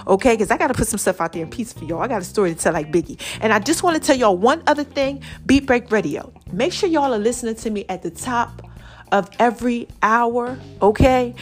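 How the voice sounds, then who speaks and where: Woman podcast host, slightly high voice, chatty and familiar, soft music underneath. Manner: chatty, addresses listeners as y'all and baby. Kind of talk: casual solo podcast talk.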